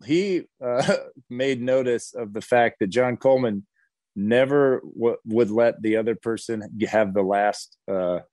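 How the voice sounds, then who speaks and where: A man's voice: a little slow, a little mellow, dry recording. A man co-hosting a sports radio show, telling a funny anecdote with laughs and casual fillers. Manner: laughing storyteller, acts out voices in high pitch.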